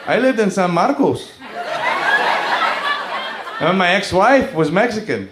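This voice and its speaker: Lively comedian in a roomy club. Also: male voice, high-pitched, slow pace, crowd noise, noisy background. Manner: animated, breaks into loud singing and character voices. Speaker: stand-up comedian. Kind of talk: stand-up comedy set. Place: comedy club stage with a full house. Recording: roomy club sound with loud music.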